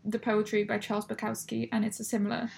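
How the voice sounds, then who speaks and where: A woman's voice: medium pitch, flat delivery, quick pace, creaky, a little mellow. A woman, co-hosting a casual book podcast and laughing often. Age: 20s. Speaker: podcast co-host. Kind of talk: casual book club chat.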